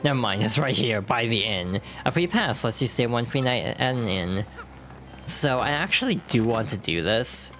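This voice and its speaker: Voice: mid-range voice, animated, normal speed, a bit bright. A streamer chats casually through a video game session, often correcting themself mid-sentence. Light music plays faintly underneath. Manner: chatty, self-correcting asides. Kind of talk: casual gameplay commentary.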